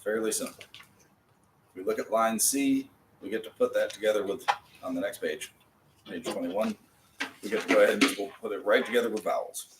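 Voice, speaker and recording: A man's voice: fairly low pitch, brisk, long pauses. A man teaching a class, explaining each step patiently. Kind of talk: classroom lesson. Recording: roomy, from a distance, faint noise.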